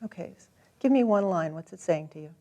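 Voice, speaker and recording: A woman guiding a client through a tapping session, calm and gently directive, encouraging as she gives each step. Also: on the low side, brisk, highs cut off. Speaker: tapping practitioner.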